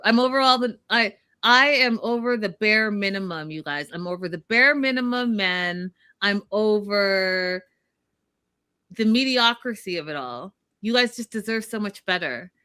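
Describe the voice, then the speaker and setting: On a casual recap podcast, a woman co-host offers blunt opinions and mimics people in put-on voices to ridicule them. She has a medium-pitched voice that sounds pushed and bright, with a clean tone.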